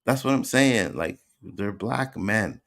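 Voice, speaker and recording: A man's voice: lowish voice, lively intonation, takes it slowly, creaky, fairly bright tone. A Canadian man with some Jamaican slang, hosting a livestream and emphatically arguing back at his chat, repeating his points. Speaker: host. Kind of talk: livestream commentary reacting to chat.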